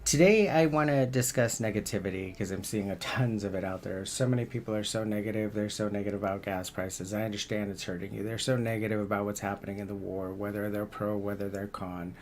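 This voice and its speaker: A man's voice: fairly low pitch, steady tone, fairly quick, hardly any pauses, darkish tone, slight background noise. A man giving a casual motivational talk on self-help, rambling a little and repeating words as he searches for the next thought.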